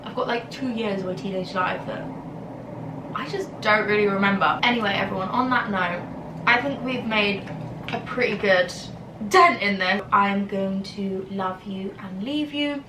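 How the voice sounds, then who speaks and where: A woman's voice: medium pitch, moderate pace, background noise. A young woman with a slightly whiny voice, chatting casually to camera and rambling with lots of "like" fillers. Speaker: YouTuber. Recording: roomy, distant from the mic.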